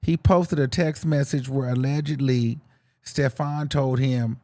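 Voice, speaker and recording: A young male podcast host serves up sassy, campy celebrity gossip to himself, animated and full of campy slang. His voice is mid-range and his delivery unhurried.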